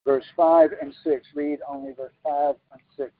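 A man preaching a sermon slowly and deliberately, with sudden high emphatic jumps in his voice. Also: flat delivery, no room sound. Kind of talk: sermon with sign language interpretation. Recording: tinny phone-like broadcast line.

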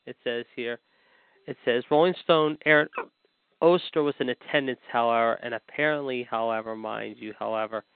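A man's voice: medium pitch, moderate pace, clean tone, no echo. A man co-hosting a wrestling podcast, reading the news in a rambling way and leaning on "however" and "apparently". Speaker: podcast co-host. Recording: dry, phone-like line.

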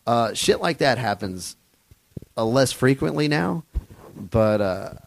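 A man's voice: medium pitch, lively intonation, slow pace, gravelly. A man, a touring comedian, telling rambling, profane stage stories in a casual interview in a hotel room, full of fillers and restarts.

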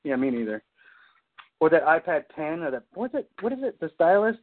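His voice is a little high, sing-song, and brisk as he hosts a casual podcast chat. He rambles, curses constantly, and leans on "you know what I mean," all heard through tinny, phone-like sound.

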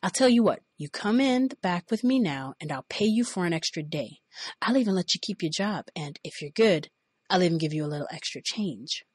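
A woman voicing a bullying, lecherous male cafeteria manager who yells and sneers, in a dry recording. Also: lowish voice, expressive, a little fast, husky, no room sound. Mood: wheedling. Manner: shouting, sneering, crude.

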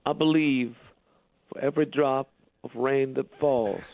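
A man doing a slow, deadpan caller impression. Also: medium pitch, creaky, phone-quality sound. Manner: slow, soft-spoken, deadpan one-liners.

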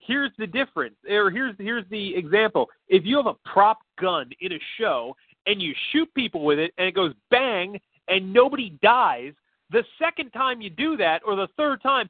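A man with a high voice and big swings in pitch co-hosts a casual podcast chat at a normal speed, rambling with plenty of fillers and curse words. It's recorded dry over a tinny, phone-like line.

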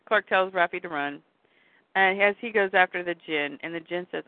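On a casual podcast, a woman co-host recaps a comic book and reads its dialogue aloud, giving the characters light voices. Her voice sits on the low side and moves at a moderate pace. The recording is dry, with no echo, over a tinny, phone-like line.

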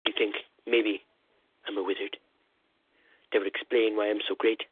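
A man doing a comic impression of a rambling, boastful male president, calling in over a phone line with a husky voice. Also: on the low side, flat delivery, moderate pace, dry recording. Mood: blustering. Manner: rambling, repetitive "listen", boastful bluster. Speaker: comedy caller. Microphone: phone call-in. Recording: tinny phone line, dry.

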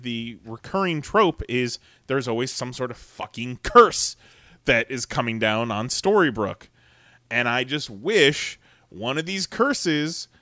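A man chats on a podcast with a bright, forceful tone, ranting and swearing freely and laughing often. The sound is dry and close, with no room around it. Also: mid-range voice, dry recording. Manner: profane, animated ranting with frequent laughs. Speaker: podcast co-host. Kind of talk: casual chat.

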